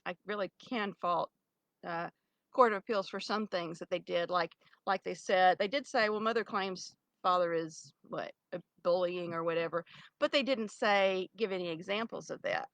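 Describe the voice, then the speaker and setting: A middle-aged woman vlogger speaks straight to camera to her ex, close to tears, in a rambling, pleading monologue full of restarts and fillers. Her voice is lowish and a bit bright at normal speed, and the rough recording has no echo.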